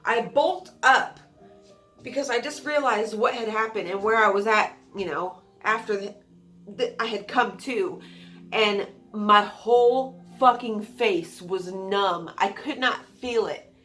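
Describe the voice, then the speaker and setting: A woman's voice: mid-range voice, slow pace, a bit bright, faint music behind. A young woman telling a personal story to her viewers in a casual, candid way, swearing freely and acting out what people said. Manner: candid, swears freely, acts out quotes with shrieks. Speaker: storytime vlogger.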